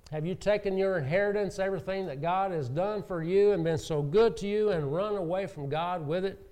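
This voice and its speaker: A man's voice: fairly high pitch, darkish tone. A man preaching a sermon, earnest, who rises and falls for emphasis and acts out quoted speech. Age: adult with children.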